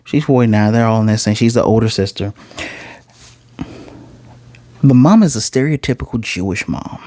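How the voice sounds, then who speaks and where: A man's voice: lowish voice, quick pace, darkish tone, dry recording. A man with a Midwestern accent giving a casual spoken TV review, blunt and rambling, full of asides and self-corrections.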